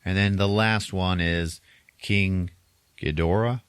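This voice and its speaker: Deep-voiced chatty podcast host. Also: male voice, fairly even intonation, takes it slowly, clear, resonant tone, no room sound. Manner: chatty, laughs often, acts out quotes. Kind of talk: casual movie recap.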